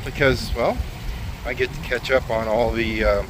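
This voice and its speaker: An easygoing man rambles through a casual vlog with plenty of fillers, filming in and around his pickup. His voice sits at an ordinary pitch for a man. Steady vehicle and outdoor noise runs under everything he says. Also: normal speed. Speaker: trucking vlogger. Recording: noisy outdoor vehicle recording.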